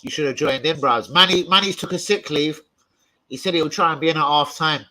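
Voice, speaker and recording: A young man hosting a live football watch-along, excitable, swearing and shouting out his viewers by name. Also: a little high, brisk, low-quality recording. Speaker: football fan channel host.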